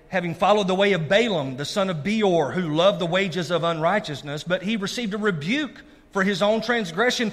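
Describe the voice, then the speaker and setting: A man's voice: high voice, fairly bright tone. A male pastor preaching a sermon, calling out to his congregation to check they are listening. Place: church sanctuary. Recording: long reverb of a large hall.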